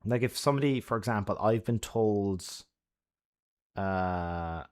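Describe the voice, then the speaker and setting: A man's voice: on the low side, unhurried, smooth. A man giving friendly advice to his chat on a casual live stream, laughing often and swearing freely.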